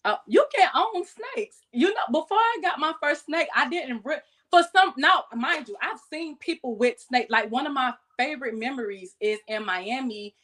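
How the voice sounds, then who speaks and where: A woman, a podcast guest casually telling animated stories about keeping exotic pets and acting out quoted voices. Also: sits high, normal speed, few pauses. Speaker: guest, exotic pet keeper. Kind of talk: casual storytelling chat.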